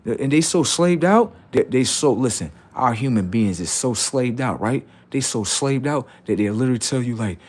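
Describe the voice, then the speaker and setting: A man's voice: mid-range voice, animated, normal speed, few pauses. A man ranting on a livestream, profane and mocking, laughing often. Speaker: streamer. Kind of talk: casual livestream rant.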